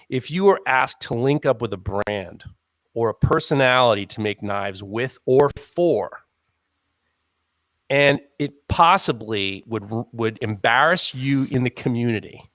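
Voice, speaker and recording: A man's voice: medium pitch, fairly bright tone, no room sound, clean studio sound. A man co-hosting a live podcast in casual chat, rambling as he sets up questions and acts out what others might say. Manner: rambling, acts out quotes in funny voices. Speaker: podcast co-host asking questions.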